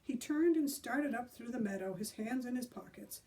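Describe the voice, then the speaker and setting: A woman librarian reading a children's chapter book aloud expressively, pausing to talk about the pictures. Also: on the high side, lively intonation, warm tone, recorded from a distance.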